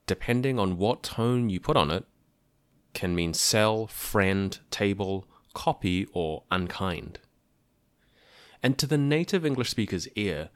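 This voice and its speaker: Deep-voiced man explaining a language. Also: dry recording. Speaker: podcast host teaching about a language. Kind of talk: scripted explanatory podcast.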